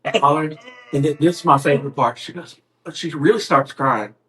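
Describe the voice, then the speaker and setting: A man's voice: a little high, fairly quick, fairly bright tone, poor audio. A man co-hosting a podcast, telling a family story in casual chat, rambling with restarts and fillers. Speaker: podcast co-host.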